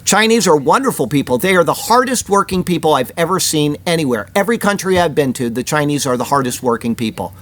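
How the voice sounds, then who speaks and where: High, animated male news host. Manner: opinionated, with rambling personal asides. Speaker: host of a weekly prophecy news report. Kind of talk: chatty news commentary.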